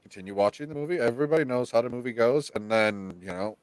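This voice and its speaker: A man hosting a live podcast, telling stories in an animated, swearing, casual way. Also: medium pitch, quick pace, smooth, no room sound. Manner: animated storytelling, heavy swearing. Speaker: podcast host.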